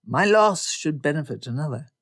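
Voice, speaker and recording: A woman playing a reserved, formal gentleman. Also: sits low, animated, moderate pace, no room sound, clean studio sound. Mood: courteous. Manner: formal and polite.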